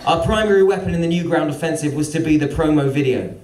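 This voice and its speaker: A man tells a dry, sardonic story on stage, his voice sitting a little high. The sound is roomy and echoing, with the mic set some way off. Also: fast talker, darkish tone, slight background noise. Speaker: musician telling a story. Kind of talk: spoken-word storytelling. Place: live venue. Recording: roomy venue, mic at a distance.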